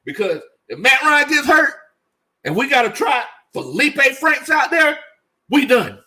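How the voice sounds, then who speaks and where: A male sports show host runs a loose, casual commentary livestream, reading the chat as he goes. His high voice swings widely in pitch, bright and forceful, at an unhurried pace. He's animated and joking, repeating himself to hammer points home.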